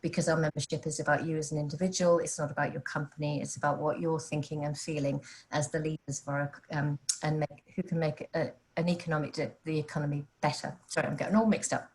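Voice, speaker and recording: A woman's voice: low voice, little pitch movement, quick pace, hardly any pauses, a little mellow, low-quality recording. A woman hosting a webinar who introduces the speaker in a hesitant way, with many fillers, and at times loses her thread. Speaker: event host.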